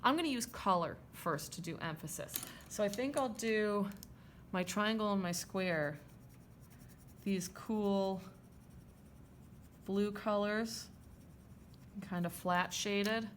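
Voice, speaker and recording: A woman's voice: medium pitch, slow, pauses often, a little hiss or hum. A woman art teacher talking through a drawing demonstration, chatty and checking in with her students as she draws. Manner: chatty, checks in with "okay?" and "right?".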